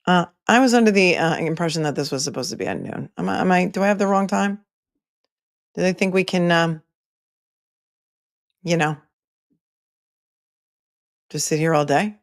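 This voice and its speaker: A woman's voice: fairly low pitch, normal speed, vocal fry, pauses often, dry recording, studio quality. A woman hosting a casual livestream, chatting with viewers and making wry asides while she waits, talking into a phone. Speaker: livestream host. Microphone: phone microphone.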